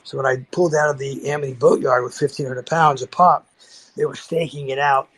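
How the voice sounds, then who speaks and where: A man's voice: mid-range voice, brisk, poor audio. Older male podcast guest, casual raconteur; rambles, restarts, voices the people in his story. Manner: rambling, animated storytelling with acted-out quotes; frequent restarts and fillers.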